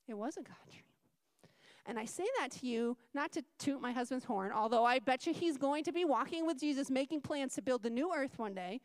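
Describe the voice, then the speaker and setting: A woman with a high, bright voice delivers a sermon in church, and her telling is lively, with acted-out voices. The sound is dry and close. She comes across as middle-aged. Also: a little fast, no echo. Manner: animated storytelling, acting out voices. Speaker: preacher.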